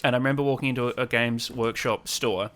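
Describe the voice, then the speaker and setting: A man's voice: medium pitch, steady tone, quick pace, a bit bright. A man in his thirties hosting a casual podcast chat, telling stories animatedly and acting out quotes in raised voices. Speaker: podcast host.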